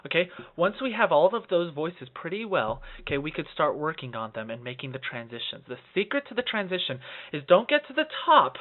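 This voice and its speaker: A young man teaches a voice lesson, leaping up into head voice and falsetto to show what he means. His speaking voice sits fairly high. The recording is thin and lo-fi, like a phone line. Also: fairly quick. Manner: expressive, swooping into head voice and falsetto, frequent "okay?". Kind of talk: vocal lesson to camera. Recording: tinny phone-like lo-fi audio.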